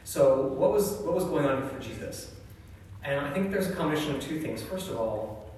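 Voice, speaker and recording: Man, church speaker, chatty and reflective talk, heard from a distance in a big reverberant hall with faint room noise. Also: fairly high pitch. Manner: casual and reflective, often asks "right?". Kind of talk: conversational scripture talk. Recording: echoey hall from far off.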